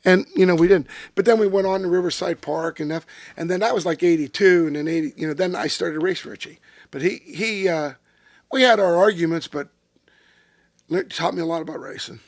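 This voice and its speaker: A man's voice: sits high, fairly quick, no echo. An older man, telling salty, profane racing stories in a casual interview. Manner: salty, profane, animated storyteller. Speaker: retired race car driver, interview guest. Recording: dry close-miked studio sound.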